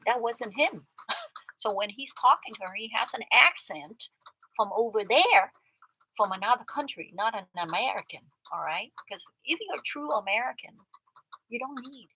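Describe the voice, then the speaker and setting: Livestream host, woman: husky, bright voice, lively casual storytelling with loud bursts and quiet asides. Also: fairly high pitch, no echo, low-quality recording. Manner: animated, chatty, swings between loud outbursts and muttered asides. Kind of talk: casual storytelling to a live chat.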